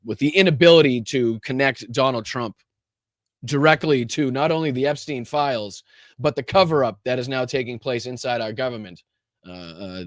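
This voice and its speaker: A man's voice: medium pitch, dry recording, clean studio sound. A man hosting a casual political livestream, talking with lots of ums and uhs and greeting viewers in the chat by name. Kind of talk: casual live-stream commentary.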